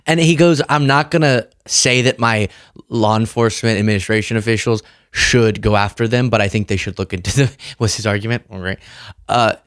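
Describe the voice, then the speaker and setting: A man's voice: on the low side, moderate pace, no echo. Guy doing sarcastic political commentary, dry close sound. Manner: sarcastic, mocking impressions. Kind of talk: casual commentary.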